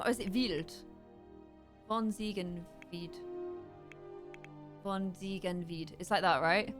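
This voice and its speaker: A young woman chatting casually while playing a game, rambling with fillers and breaking into high excited squeals. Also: slow, pauses often. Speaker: gameplay streamer. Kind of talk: casual chat over gameplay. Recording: faint music in background.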